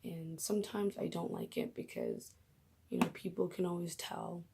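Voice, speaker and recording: A woman's voice: lowish voice, wildly swooping pitch, moderate pace, gravelly, noisy background. A young woman vlogging casually about her faith, emotional and gushing, often dropping into whispers.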